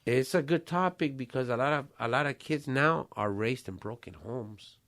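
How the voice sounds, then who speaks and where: A man's voice: medium pitch, normal speed, a bit bright. A man, hosting a casual podcast chat and talking streetwise slang with Spanish phrases and swearing. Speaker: podcast host.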